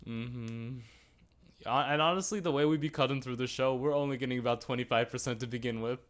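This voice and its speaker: A man co-hosting a relaxed review chat, voice sitting at an ordinary middle pitch. He rambles cheerfully, restarting sentences and tossing in asides. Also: a little fast. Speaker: podcast co-host. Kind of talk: casual chat reviewing a TV episode.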